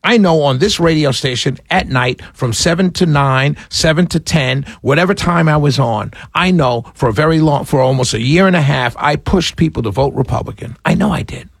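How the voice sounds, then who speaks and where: A man hosting a political talk radio show, passionate and often yelling, with sarcastic asides, speaking close into a studio mic. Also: on the high side, normal speed, vocal fry, few pauses, husky, dry recording. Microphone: studio mic right in front of him.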